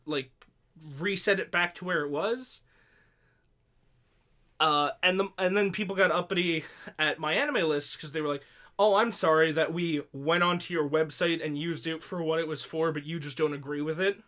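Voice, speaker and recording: A man's voice: a little high, bright, forceful tone. A young man co-hosting a casual podcast, rambling and sarcastic with frequent swearing. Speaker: podcast co-host. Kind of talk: casual chat.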